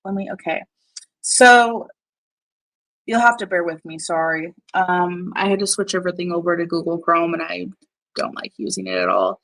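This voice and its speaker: Poor audio captures a woman's lowish, slightly bright voice at a normal pace with lively intonation. She's streaming casual commentary while working on screen, distracted, rambling, blunt, swearing, and often laughing.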